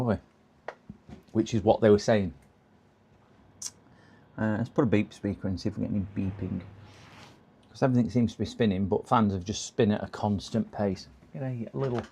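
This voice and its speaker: A man's voice: fairly low pitch, moderate pace, pauses often, darkish tone, a little hiss or hum. A man casually talking through a computer repair on a live stream, muttering to himself and chatting with viewers. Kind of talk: casual running commentary while working.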